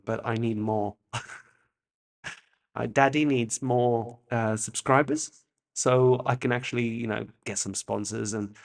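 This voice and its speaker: A man from France hosting a podcast, rambling and self-mocking, swearing freely between stretches of reading an essay aloud. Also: mid-range voice. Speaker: podcast host.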